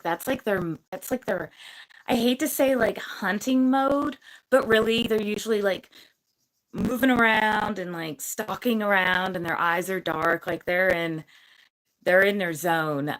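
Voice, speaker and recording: A young woman hosting a casual livestream giveaway, bubbly and chatty with lots of fillers, her voice a little hoarse from losing it. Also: mid-range voice, a bit bright, poor audio.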